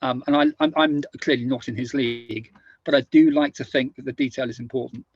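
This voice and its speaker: A middle-aged man from the United Kingdom, a podcast guest telling anecdotes in a halting way, often repeating and restarting words. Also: medium pitch, huge pitch swings, vocal fry, breathy edge, no room sound, dull audio. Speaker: guest, author and former army officer. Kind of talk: casual conversational storytelling.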